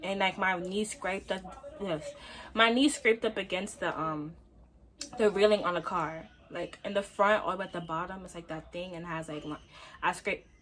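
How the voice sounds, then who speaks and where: A young woman from Brooklyn, telling a casual storytime on her phone at home, slangy and animated, talking straight to her viewers. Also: on the low side, moderate pace. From Brooklyn, New York. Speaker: vlogger.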